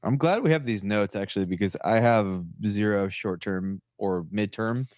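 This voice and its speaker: A man co-hosting a casual live-streamed podcast, chatting in a lively way and acting out other people in his stories. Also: on the low side, moderate pace, no echo, clean studio sound. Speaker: podcast co-host.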